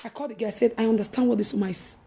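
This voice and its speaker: A woman with a Nigerian accent telling a story in casual chat, animated, laughing and swinging between loud and hushed. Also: fairly high pitch, very fast. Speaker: evangelist vlogger.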